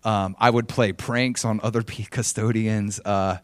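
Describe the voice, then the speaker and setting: A man preaching a sermon, telling a personal story with animated swings between loud emphasis and soft asides, often chuckling. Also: on the low side, a little slow, no room sound.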